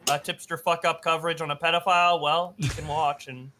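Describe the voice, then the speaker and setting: A male YouTuber telling crude, lively stories as a podcast guest. His voice is bright and a bit high. A faint noise sits behind him. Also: fairly quick. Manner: crude, animated storytelling. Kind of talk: casual chat.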